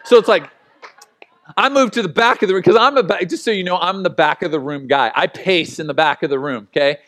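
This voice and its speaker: A middle-aged male pastor preaching a sermon, telling stories with animated humor and frequent laughs. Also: sits high, fairly quick.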